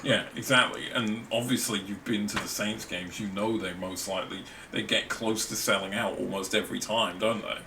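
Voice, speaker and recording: A man's voice: on the low side, steady tone, moderate pace, creaky, hardly any pauses, pushed and bright. An Australian man, a podcast co-host, chatting casually and ranting with frequent laughs. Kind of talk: casual chat. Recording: distant mic with faint ambient noise.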